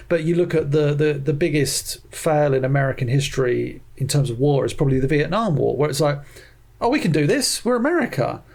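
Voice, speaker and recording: Animated man reviewing a film. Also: fairly high pitch, gravelly. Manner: animated, mimics attitudes in quotes, many restarts. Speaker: podcast co-host. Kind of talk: casual film review chat.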